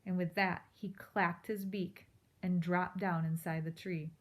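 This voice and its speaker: A woman reading a children's storybook aloud in a steady, expressive way. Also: on the low side, measured pace. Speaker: narrator.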